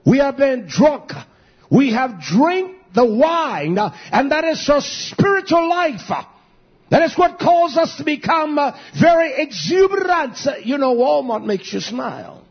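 A man preaching a fiery sermon as pastor, swinging from shouted peaks to low murmured asides, with many "uh" fillers. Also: big pitch swings, unhurried, dull audio.

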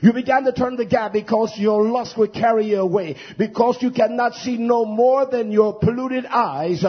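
A man preaching a fiery sermon, stretching his emphatic phrases and filling pauses with "uh". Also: very high-pitched, husky. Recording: dull lo-fi recording.

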